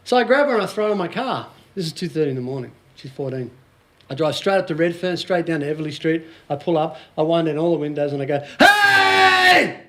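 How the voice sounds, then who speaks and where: Australian coach in his forties, bright and high voice, jokey and conversational with the room. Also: quick pace. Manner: joking, chatty, quizzes the audience. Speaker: business coach speaking to a small group. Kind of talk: casual motivational seminar talk.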